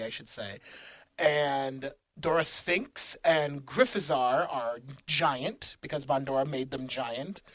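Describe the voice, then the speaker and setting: A man's voice: on the high side, fairly bright tone, no echo. A man co-hosting a casual podcast, recapping episodes with frequent laughs and fillers. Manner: laughs often, fillers and restarts while recapping plot. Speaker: podcast co-host.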